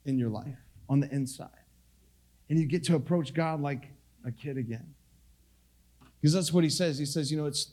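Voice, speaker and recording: High-voiced man preaching casually. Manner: casual, self-deprecating, swings between hushed and loud. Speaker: pastor. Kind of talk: conversational sermon.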